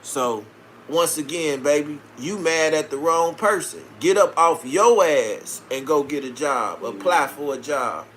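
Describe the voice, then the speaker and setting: Answering viewer comments on his casual live stream, this Chicago host trades in brash, foul-mouthed street talk. He speaks at a measured pace in a somewhat bright, higher voice over a little background noise.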